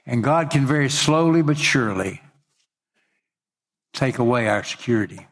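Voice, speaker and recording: A man preaching a sermon in an expressive way, his voice climbing when he acts out quoted speech. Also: mid-range voice, normal speed. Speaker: pastor.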